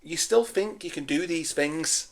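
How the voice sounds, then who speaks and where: A man's voice: fairly high pitch, measured pace, vocal fry. A man, telling a story in a casual, laughing, sweary way as a podcast guest. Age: 40s. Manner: animated, laughing, sweary banter.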